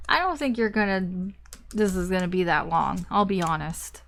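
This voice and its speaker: A woman's voice: lowish voice, expressive, moderate pace, vocal fry, fairly bright tone, slight background noise. A woman giving a casual tarot reading to her viewers, chatty and full of fillers and restarts. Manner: chatty, frequent fillers and restarts, light laughs. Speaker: tarot reader.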